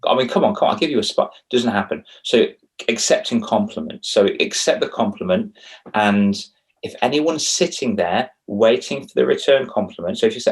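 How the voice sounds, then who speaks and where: Lively young man with a low voice. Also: normal speed. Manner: animated, acts out quoted dialogue with big pitch jumps. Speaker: confidence coach for kids. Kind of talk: casual podcast interview.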